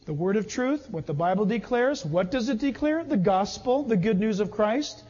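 A man's voice: sits high, animated, normal speed, few pauses, a little mellow, husky. A man preaching a sermon with emphasis who acts out little everyday scenes. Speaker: pastor. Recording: dull sound in a reverberant hall.

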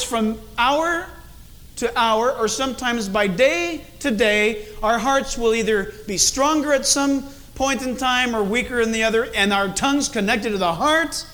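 A middle-aged man preaching a sermon as a pastor, animated and acting out different tones of voice as he speaks. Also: extremely high pitch.

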